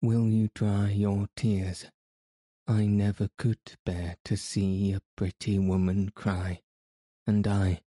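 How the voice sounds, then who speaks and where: Man voicing a proud restrained nobleman, cold gentle manner, low dark voice, unhurried. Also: flat delivery, no echo. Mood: sarcastic.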